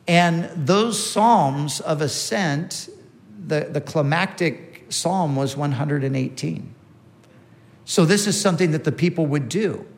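A man preaching a sermon in a teaching manner, repeating key phrases for emphasis and restarting his sentences. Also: fairly high pitch.

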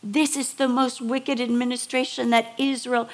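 A woman's voice: a little high, flat delivery, normal speed. A middle-aged woman preaching a sermon, telling stories with feeling and building to emphatic, repeated words. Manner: emotional storytelling, building to emphatic repetition.

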